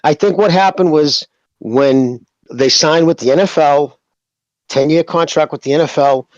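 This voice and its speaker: A man's voice: fairly high pitch, measured pace, darkish tone, dry recording, dull audio. Ranting man co-hosting a podcast. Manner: heated, profane ranting. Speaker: podcast co-host. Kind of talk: casual podcast chat.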